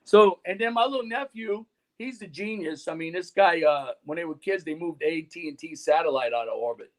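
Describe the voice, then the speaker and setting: A man with a notably high speaking voice tells long, loose stories as a guest on a talk show. He rambles from one thread to the next and peppers nearly every phrase with "you know" and "man". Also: brisk. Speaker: guest musician and radio host. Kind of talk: casual interview storytelling.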